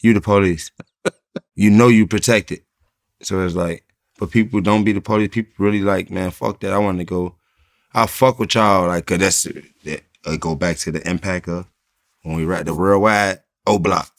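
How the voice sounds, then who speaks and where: A rapper from Chicago talking bluntly and profanely in a casual interview, telling stories with laughs. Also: male voice, low voice, steady tone, normal speed, no room sound, clean studio sound.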